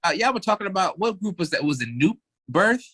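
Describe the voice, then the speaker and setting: A man's voice: sits high, sing-song, fairly quick, fairly bright tone, breathy edge, no echo. A man, a singer, appearing as a guest on a podcast and talking in an easygoing, appreciative way. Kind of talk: casual interview chat.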